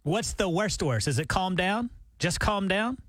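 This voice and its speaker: Radio guy chatting, highish voice that bounces all over, dry studio sound. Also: a little slow, dry recording. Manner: animated storyteller, chatty. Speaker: radio show co-host. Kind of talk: casual morning radio banter.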